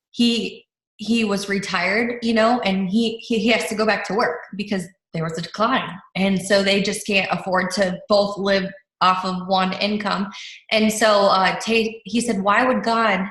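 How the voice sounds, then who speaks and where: A young woman, a team leader, telling a story in casual leadership talk over a video call, animated with many restarts and fillers. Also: medium pitch. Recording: roomy echo.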